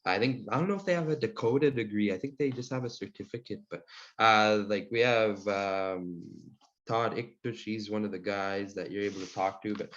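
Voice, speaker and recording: A man teaching an online language class, answering questions in a relaxed, friendly way with many fillers. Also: fairly low pitch, normal speed. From Saskatchewan, Canada. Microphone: video call. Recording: muffled video call audio.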